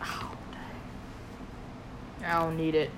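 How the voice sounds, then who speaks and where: A young adult woman co-hosting a casual chat, excitable with loud bursts and quick laughs. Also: low voice, background noise. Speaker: podcast co-host.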